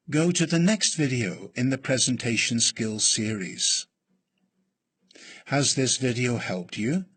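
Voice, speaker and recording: Slow, husky-voiced man reading aloud. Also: mid-range voice, a bit bright. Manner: deliberate, with long pauses. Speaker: reading teacher. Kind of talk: slow scripted read-aloud.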